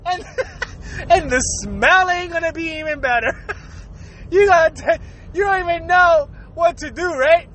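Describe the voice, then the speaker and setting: Giggly high-voiced man telling a crude story. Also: measured pace. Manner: giggly, laughs through his words, crude and animated. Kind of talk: comedic storytelling monologue.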